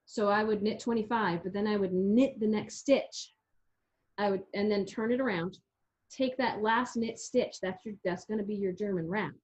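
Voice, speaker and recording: Muffled lo-fi audio captures a yarn shop owner co-hosting a casual knitting chat, chattily breaking down techniques step by step and restarting now and then. Her voice is medium-pitched and a little mellow, with fairly even intonation at a normal speed.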